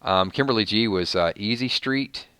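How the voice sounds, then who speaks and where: A man's voice: on the low side, normal speed, sharp tone, clean tone, no echo, studio quality. A man from Georgia with a Southern accent, hosting a casual live stream and reading out viewer names in a rambling, friendly way. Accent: Southern American. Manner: chatty, reads viewer names, rambling restarts. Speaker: streamer host.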